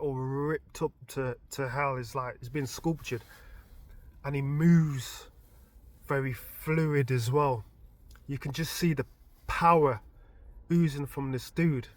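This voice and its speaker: A man, recounting a dream in a casual storytelling vlog, his voice climbing high and loud as he gets excited. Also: no room sound.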